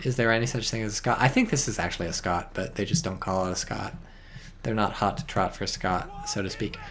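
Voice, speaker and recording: A man giving casual, excitable commentary on a strategy game, swearing and reading chat aloud. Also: fairly low pitch, brisk, a little hiss or hum. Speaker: game caster.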